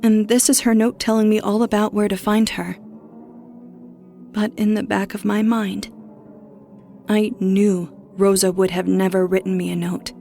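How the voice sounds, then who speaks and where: A woman reading a first-person horror story as narrator, steady with a tense edge. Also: medium pitch, measured pace, vocal fry, pauses often, soft background music.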